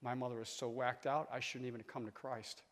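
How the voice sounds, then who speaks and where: A man in his sixties preaching a sermon as a guest speaker, telling stories and calling on the audience, swinging from quiet talk to shouting. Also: mid-range voice, level tone, a little fast. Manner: storytelling, calls on the audience. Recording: long hall reverb.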